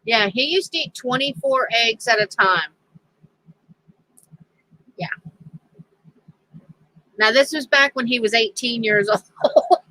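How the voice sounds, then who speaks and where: Chatty bright-voiced woman. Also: on the high side, slow, pauses often, poor audio. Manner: chatty, laughs often, animated quoting. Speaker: crafting channel host. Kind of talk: casual storytelling chat.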